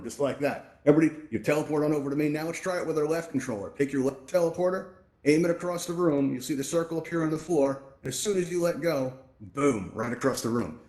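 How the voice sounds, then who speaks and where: Fast, upbeat New man coaching. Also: a little high, darkish tone, roomy sound. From New York. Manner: upbeat, chatty, coaching the audience. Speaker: virtual reality event host. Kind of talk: live instructional walkthrough. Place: virtual reality social space. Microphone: VR headset microphone.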